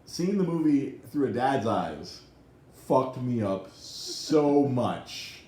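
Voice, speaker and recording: A man co-hosting a podcast in casual chat, excitable and swearing freely, with many restarts. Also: medium pitch, slow pace, reverberant. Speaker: podcast co-host. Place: podcast studio.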